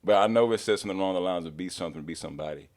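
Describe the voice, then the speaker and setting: A young man from Houston, telling a story in a casual, animated way. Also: low-pitched, rapid-fire, a crowd in the background. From Houston, Texas. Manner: animated, laughing storyteller acting out voices. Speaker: guest.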